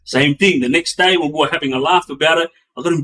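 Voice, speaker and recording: A man telling a story in a loose, rambling way, with many fillers and restarts, acting out the action with bangs and booms. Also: fast. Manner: animated, acts out sounds with bangs and booms. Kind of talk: casual spoken storytelling.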